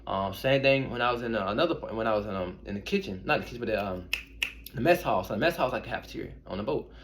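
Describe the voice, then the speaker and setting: A man's voice: on the low side, animated, very fast, noisy background. A young man, an intuitive reader, casually telling personal stories to his viewers in a rambling, conversational way. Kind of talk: casual storytelling to camera.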